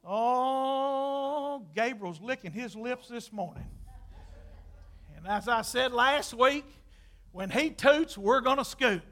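A male preacher delivering a sermon, emphatic and playful, dropping to soft asides and then breaking into shouted bursts. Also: very high-pitched, unhurried, pauses often. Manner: playful, jokes with the congregation.

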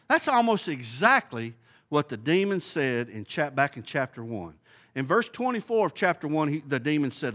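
A man's voice: a little high, big pitch swings, normal speed, a bit bright. A man teaching a Bible study in a folksy, conversational way, thinking aloud and posing questions to the group.

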